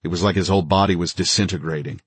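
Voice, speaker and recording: A man's voice: low voice, fairly even intonation, racing, slightly rough, no room sound. A man narrating a thriller audiobook in the first person, with a tense, grave delivery.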